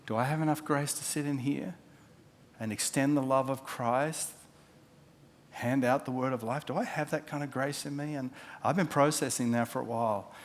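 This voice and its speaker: A man, a pastor preaching a sermon, telling stories and acting out the quotes, dropping from loud to hushed. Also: medium pitch, slight background noise. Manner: storytelling with acted-out quotes, swinging from loud to hushed.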